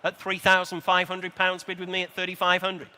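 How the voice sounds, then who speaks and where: A man calling a live auction, rattling off bids in a brisk, chatty patter with dry little asides. His voice sits high and bright, cutting through. Long reverb trails off the walls of a large exhibition hall. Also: monotone, smooth.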